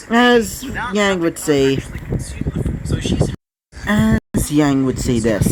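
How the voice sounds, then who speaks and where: A man improvising a story aloud, halting and correcting himself as he goes. His voice is slightly high and swings around a lot in pitch. A steady background noise sits under the recording. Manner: halting, full of fillers and self-corrections. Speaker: fan-fiction reader.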